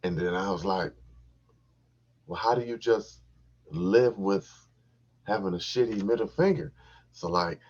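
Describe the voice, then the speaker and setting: A man hosting a podcast, telling a crude, profane comic story in an animated, repetitive way with a husky voice on a dull, lo-fi recording. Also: low voice, a little slow, pauses often. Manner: animated, crude, repeats himself for laughs.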